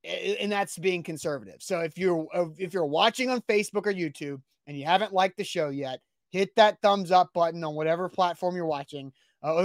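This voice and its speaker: A man co-hosting a sports talk show, arguing his points emphatically and getting animated as he makes his case. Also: sits high, no room sound, clean studio sound.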